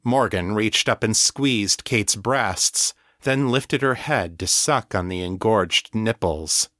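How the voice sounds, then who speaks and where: A man reading an audiobook story in calm, measured scripted narration. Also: fairly low pitch, no echo, clean studio sound.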